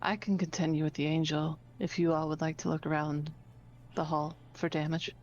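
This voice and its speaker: A woman's voice: sits low, level tone, moderate pace, a little mellow. A woman playing a tabletop game, asking hesitant questions. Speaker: player. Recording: dull lo-fi sound.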